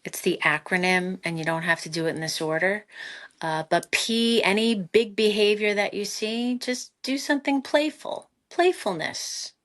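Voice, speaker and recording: A middle-aged woman, a psychotherapist guest on a podcast, giving animated parenting advice with lively asides and laughter. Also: mid-range voice, moderate pace. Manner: animated, expressive, laughs often, acts out quotes.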